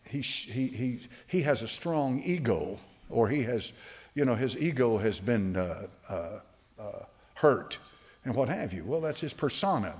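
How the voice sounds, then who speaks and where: A man preaching a sermon to a congregation. He slows right down to stress quoted scripture and often restarts his sentences with fillers. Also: mid-range voice, darkish tone. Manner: emphatic preaching with slow drawn-out quotes. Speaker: pastor.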